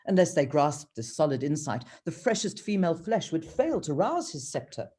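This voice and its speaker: Low-voiced woman author reading aloud. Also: very animated, normal speed, warm tone, breathy edge. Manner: hesitant, with many ums and restarts in chat. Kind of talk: reading her novel aloud and chatting.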